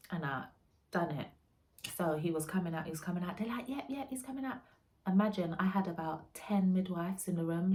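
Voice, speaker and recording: A young woman telling her birth story, soft, halting and often hushed. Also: lowish voice. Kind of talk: emotional personal storytelling.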